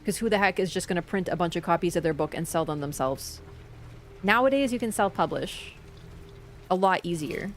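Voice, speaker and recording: On this live game stream, a woman with a lowish, expressive voice speaks a little fast over game music, with slight hiss or hum audible. Chatty and opinionated, she reads chat, talks straight to viewers, and yelps loudly at sudden events on screen.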